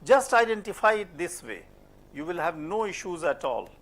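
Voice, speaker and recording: A man's voice: high-pitched, very animated, moderate pace, a bit bright. A man with an Indian English accent lecturing a class on French pronunciation, asking questions and repeating words as a drill. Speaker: French phonetics teacher.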